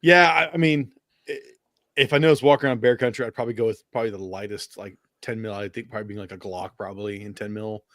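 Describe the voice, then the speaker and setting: A man in his forties, a podcast guest, telling stories in casual, profane, animated chat. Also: fairly low pitch, quick pace, no echo, clean studio sound. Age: 40s.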